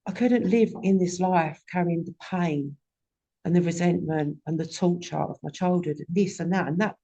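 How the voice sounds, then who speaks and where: A woman's voice: fairly low pitch, gravelly, dark tone, slightly rough. A woman in her forties giving a raw, candid personal testimony at a recovery meeting and swearing often.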